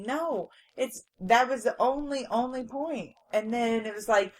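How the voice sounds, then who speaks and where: A woman's voice: fairly high pitch, a little slow, a little mellow, slight background noise, poor audio. A young adult woman co-hosting a casual movie review podcast, blunt and exasperated, cracking jokes. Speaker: podcast co-host.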